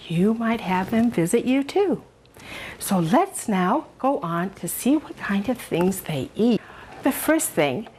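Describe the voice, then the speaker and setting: A woman's voice: medium pitch, slight background noise. An older woman hosting a children's show, telling a fairy story and showing a cooking demo in a doting, sing-song way for small children.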